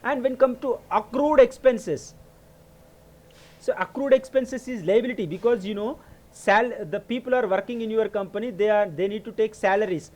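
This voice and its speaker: Brief: man with a high voice, patient teacher who repeats and corrects himself. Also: moderate pace, a little mellow. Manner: explanatory, repeats points, frequent self-corrections. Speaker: accounting teacher. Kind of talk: classroom lecture.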